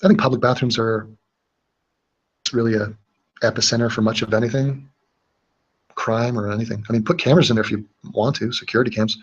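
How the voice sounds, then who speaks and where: A man's voice: medium pitch, fairly even intonation, brisk, long pauses, slightly rough, lo-fi sound. A man hosting a livestream, reading out chat comments and chatting casually in a rambling, joking way. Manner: rambling, joking, with fillers and restarts.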